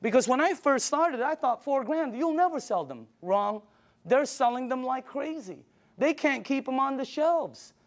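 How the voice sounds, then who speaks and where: An older man giving a sales pitch, enthusiastic and emphatic, telling stories to his audience. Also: animated, unhurried. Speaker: sales presenter.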